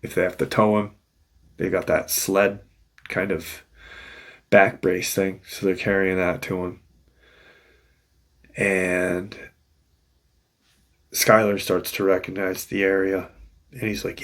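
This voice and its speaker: Slow gravelly man telling a story. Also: low voice, flat delivery, a bit bright. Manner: rambling, loose, with restarts and "you know". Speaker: channel host retelling encounter stories. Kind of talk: casual storytelling narration.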